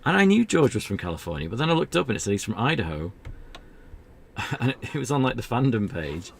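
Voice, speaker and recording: A man's voice: medium pitch, sing-song, fast, vocal fry, slight background noise. A man streaming an old adventure game, chatting casually in a rambling, self-deprecating way. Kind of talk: casual gameplay commentary.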